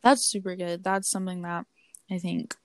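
A woman's voice: on the low side, fairly even intonation, moderate pace. A young woman hosting a casual faith-based chat, upbeat and affirming, with lots of fillers. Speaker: host.

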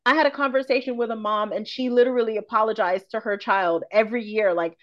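A woman's voice: on the high side, a little fast, few pauses, muffled recording. A woman in her forties, a confidence coach and podcast guest, talking frankly and expressively in casual conversation, swearing freely.

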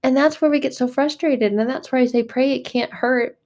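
A woman's voice: sits high, steady tone, normal speed, darkish tone. A woman giving a casual spiritual monologue, speaking emphatically and bluntly, with repetitive phrasing. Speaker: faith vlogger.

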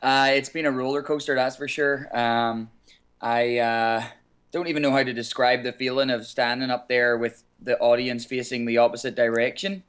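A man's voice: medium pitch, moderate pace. An Irish man, a singer calling in as a guest, chatting casually with frequent laughs and fillers. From Ireland. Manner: relaxed, laughs often, many fillers. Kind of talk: casual interview chat. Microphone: phone call.

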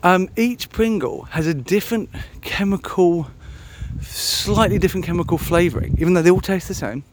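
A man with a high voice muses aloud on his solo podcast, wandering off topic and poking fun at himself, full of ums and restarts. He talks at a moderate pace over slight background noise.

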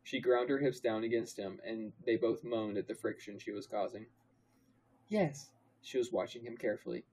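Husky young man reading aloud deadpan. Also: on the low side, fairly quick, hardly any pauses, rough recording. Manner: mock-dramatic, deadpan narration with put-on character voices. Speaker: podcast co-host reading fan fiction aloud. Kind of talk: comedic dramatic reading.

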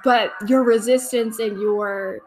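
A woman's voice: fairly high pitch, steady tone, slow, soft background music, low-quality recording. Chatty young woman gushing over a show. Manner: chatty and gushing, many fillers. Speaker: podcast host. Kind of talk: casual watch-along commentary.

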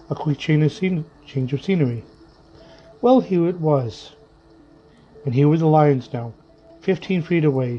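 A man reading a story aloud in a slow, vivid, measured way. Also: on the high side. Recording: muffled lo-fi with faint music.

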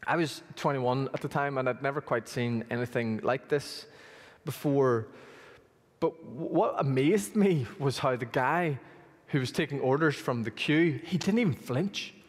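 A male pastor preaching a sermon, telling stories with lively emphasis, in a church hall. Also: medium pitch, a little slow. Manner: storytelling, rising to animated emphasis. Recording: long reverb of a large hall.

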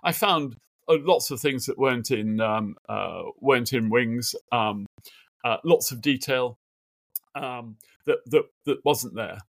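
Speaking at a measured pace in a creaky, medium-pitched voice with no echo, a middle-aged biographer guests on a remote interview from his home office desk. He tells conversational stories with animation, voicing quotes dramatically and filling pauses often.

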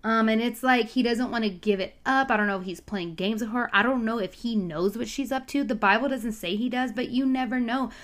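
A woman's voice: on the high side, fairly quick, hardly any pauses, a bit bright. A woman casually retelling a Bible story, chatty and full of side comments and asides.

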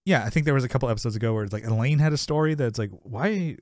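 Talking very fast in a slightly mellow mid-range voice, a podcast co-host rambles casually through a sitcom episode recap. He laughs often and voices the characters' lines, and the clean studio audio has no echo.

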